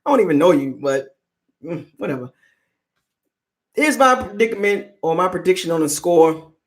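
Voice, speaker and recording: A sports channel host with a high, animated, slightly bright voice chats casually on a football fan live stream at normal speed. He teases the fans in the chat.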